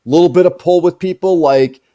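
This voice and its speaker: A man's voice: sits high, a little fast, dark tone. A man hosting a live stream, rambling and joking with plenty of profanity in casual chat. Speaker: streamer and show host.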